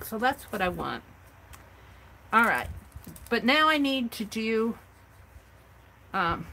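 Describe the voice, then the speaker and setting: A woman's voice: medium pitch, a bit bright, slight background noise, poor audio. A woman hosting a craft livestream, chatting casually and thinking aloud as she works on an art journal.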